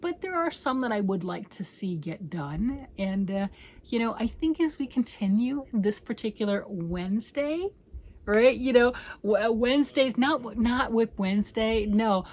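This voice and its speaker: A woman's voice: fairly high pitch, animated, a little slow, a little mellow. A woman talking casually to her viewers, chatty and self-teasing, slipping into whispers and playful outbursts. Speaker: crafting vlogger. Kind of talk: casual chat to camera. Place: home.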